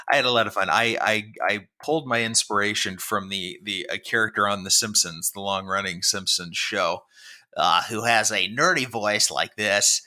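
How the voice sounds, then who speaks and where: In a relaxed podcast conversation, this middle-aged co-host tells a meandering story at his own expense, punctuated by frequent laughter. His voice leans low, bright and forceful, at a moderate pace.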